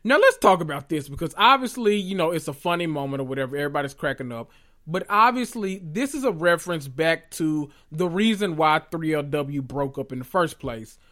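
A podcast host giving a sassy, animated recap of a reality show, full of joking asides and cursing. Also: medium pitch, brisk.

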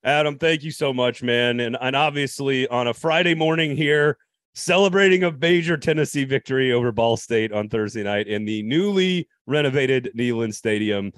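A man's voice: medium pitch, moderate pace, fairly bright tone, no echo, studio quality. A man hosting a talk show, asking a guest questions and then giving commentary. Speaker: radio show host. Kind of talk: casual interview and commentary.

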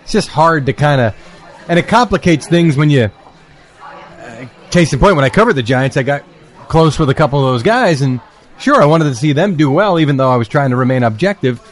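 Chatty man with a high voice. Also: animated, fairly quick. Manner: chatty, storytelling, self-deprecating. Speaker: podcast guest, football reporter. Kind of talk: casual chat. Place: bar.

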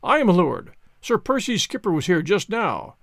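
A man's voice: high voice, sing-song, moderate pace, fairly bright tone, no room sound, clean studio sound, exaggerated voice. Man doing a bustling folksy innkeeper. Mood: eager. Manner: folksy, deferential. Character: jovial old English innkeeper, bustling, deferential.

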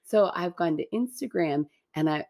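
A woman co-hosting a casual chat, telling a story in a lively, self-deprecating way and laughing often. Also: fairly low pitch, moderate pace, vocal fry. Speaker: podcast co-host.

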